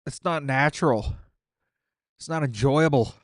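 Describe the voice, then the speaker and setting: A man's voice: mid-range voice, unhurried, no echo, studio quality. A man streaming a game while eating painfully spicy wings, sweating, teary and groaning in exasperation as he keeps commenting. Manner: groaning and exasperated, talks through suffering. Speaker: gaming content creator. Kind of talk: casual gameplay commentary.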